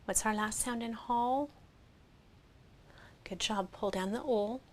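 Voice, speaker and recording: A woman teaching a phonics lesson, sounding out vowels slowly and clearly and praising the listener. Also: fairly high pitch, a little hiss or hum. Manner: slow, clear, encouraging, sounds out each vowel.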